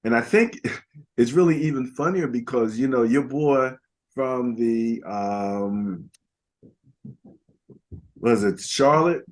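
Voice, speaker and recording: A man's voice: mid-range voice, slow pace, pauses often. An older man co-hosting a casual football podcast, rambling through stats with lots of fillers. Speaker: podcast co-host. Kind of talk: casual sports talk.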